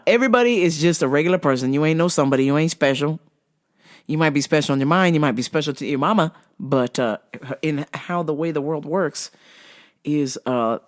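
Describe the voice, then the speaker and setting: Profane rambling man. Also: fairly high pitch. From United States. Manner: profane, rambling, many fillers and restarts. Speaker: podcast host. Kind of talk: casual travel-recap monologue.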